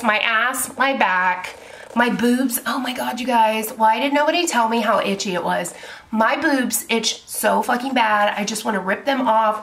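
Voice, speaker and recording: A young woman, telling a story to her camera in a casual vlog, chatty and full of swearing. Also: fairly high pitch. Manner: chatty, swears a lot, animated retelling. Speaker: beauty vlogger.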